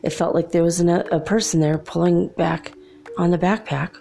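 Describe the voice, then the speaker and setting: A woman's voice: lowish voice, fairly even intonation, moderate pace, gravelly, mellow, soft background music. A young adult woman telling a personal story in a casual, chatty way, laughing often between remarks.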